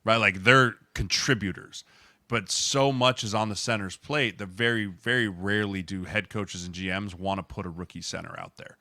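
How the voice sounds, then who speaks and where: A man, a former lineman co-hosting a podcast, telling stories and explaining in a lively casual way, often adding "like" and "right". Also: lowish voice, no room sound. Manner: animated storyteller, fast explainer with many "like" and "right". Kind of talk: casual chat.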